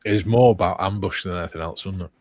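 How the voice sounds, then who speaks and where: A man's voice: low-pitched, quick pace, darkish tone. A man hosting a casual livestream, reading viewer comments aloud and chatting. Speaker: livestream host reading chat.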